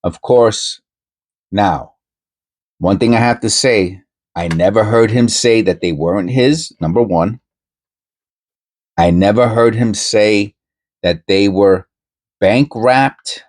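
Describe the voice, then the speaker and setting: A man with a fairly low voice talks casually to his viewers about coin hunting. He rambles, restarts his sentences and breaks off mid-thought. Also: takes it slowly, pauses often, a little mellow. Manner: rambling, self-interrupting, conversational. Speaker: coin-hunting channel host. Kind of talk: casual commentary to camera.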